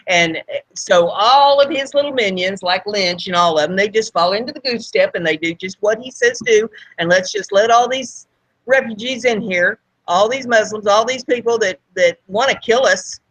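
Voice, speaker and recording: Female co-host; emphatic, indignant talk at a mid pitch. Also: moderate pace, a bit bright, rough recording. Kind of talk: casual political talk.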